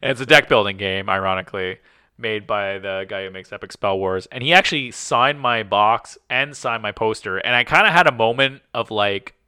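A man's voice: lowish voice, moderate pace, clear, resonant tone, dry recording, studio quality. A man co-hosting a casual podcast chat, telling rambling stories peppered with "like" and acting out the conversations he quotes. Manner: rambling storyteller, heavy use of "like"; animated, acts out quoted conversations. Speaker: podcast co-host.

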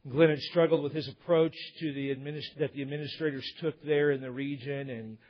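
Husky-voiced male preacher, lo-fi sound. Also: on the high side, steady tone, brisk. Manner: storytelling with acted-out dialogue. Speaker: pastor. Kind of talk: sermon.

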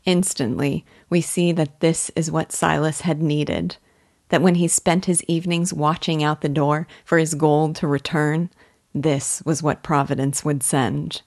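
Woman with a low voice talking thru a novel, earnest and admiring, super dry sound. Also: steady tone, darkish tone, dry recording. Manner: earnest, admiring, measured reading. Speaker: literature guide. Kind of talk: scripted literary commentary.

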